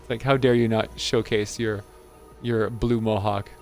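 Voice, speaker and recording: A man's voice: on the low side, fairly even intonation, measured pace, faint music behind. A man hosting a gaming channel, giving casual gameplay commentary in an amused, chatty way and laughing often.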